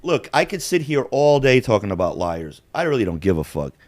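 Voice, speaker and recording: A man in his forties hosts a podcast, telling stories in a blunt, profane, rambling style as casual chat. His mid-range voice is very animated and fairly quick, with no echo.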